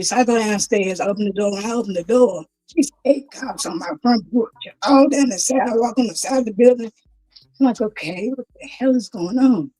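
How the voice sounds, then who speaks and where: Grieving woman, low mellow voice. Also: rough recording. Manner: plain spoken storytelling, acting out the police officers' and her own words. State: grieving, voice rising with distress. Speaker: guest, grieving mother. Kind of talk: personal testimony in an interview.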